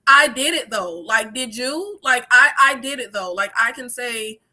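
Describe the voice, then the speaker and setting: High, bright-voiced woman chatting animatedly. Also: measured pace. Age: 30s. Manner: animated, swearing freely, laughing, using many fillers. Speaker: YouTube creator. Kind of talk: casual livestream chat.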